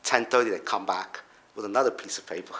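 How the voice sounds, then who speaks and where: A middle-aged man casually telling a personal story, halting and restarting, then jumping up in pitch to act out other people's voices. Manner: halting, with restarts and trailing off quietly.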